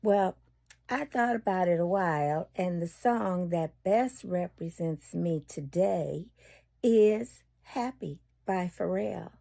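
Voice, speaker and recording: A cheerful woman giving a short casual segment, speaking unhurriedly with soft asides. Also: fairly low pitch, slow pace, creaky. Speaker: guest segment host. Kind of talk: casual spoken message.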